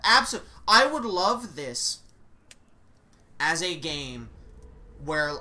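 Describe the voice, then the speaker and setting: A woman's voice: deep voice, pushed and bright. A woman streaming a story game who gives candid, musing commentary.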